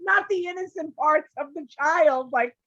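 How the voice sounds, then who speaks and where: A woman's voice: high voice, measured pace, fairly bright tone, muffled recording. A woman co-hosting a casual podcast, brash and laughing, swearing freely. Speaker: podcast co-host. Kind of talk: casual chat.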